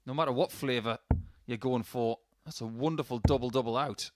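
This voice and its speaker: A man's voice: mid-range voice, brisk, background noise. Chatty male darts commentator. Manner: chatty, anecdotal, jokey asides. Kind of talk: live sports commentary.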